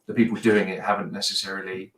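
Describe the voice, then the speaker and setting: A man's voice: low-pitched, flat delivery, quick pace, fairly bright tone. A man chatting casually as a podcast guest, rambling and hesitant, with many restarts. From United Kingdom. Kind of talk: casual chat. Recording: roomy, distant mic.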